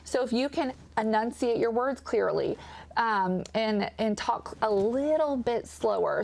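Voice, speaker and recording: A woman's voice: a little high, animated, moderate pace, gravelly, a little mellow, slight background noise. A woman with a Kentucky accent, a guest audiologist, explaining things enthusiastically in a TV interview and acting out what patients say. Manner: enthusiastic, acts out patient quotes.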